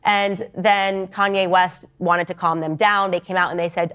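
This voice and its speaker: A woman's voice: lowish voice, steady tone, normal speed, few pauses, a bit bright, clear, resonant tone. A woman giving opinionated commentary in an assertive, lecturing way as she walks through a story. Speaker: political commentator.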